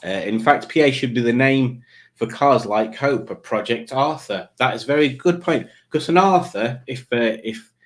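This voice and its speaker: Guy hosting a live stream, rambling and goofy, mid pitch. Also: moderate pace. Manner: rambling, playful, breaks into silly put-on voices. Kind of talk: casual live stream chat.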